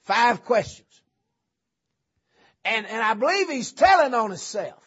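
A man preaching a revival sermon, folksy and joking, dropping to low asides and rising to shouts. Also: big pitch swings, unhurried, pauses often, breathy edge, highs cut off. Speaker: visiting preacher. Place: church sanctuary.

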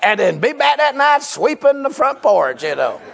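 A young man, preaching a humorous sermon. He tells stories loudly, often laughing and breaking into shouts. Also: very high-pitched, very animated, normal speed, gravelly, a faint crowd.

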